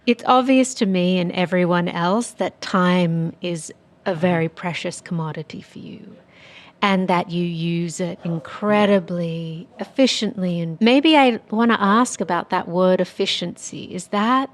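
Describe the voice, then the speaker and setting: A woman hosting a podcast, asking a guest thoughtful, measured questions. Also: on the low side. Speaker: podcast host. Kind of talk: interview questions.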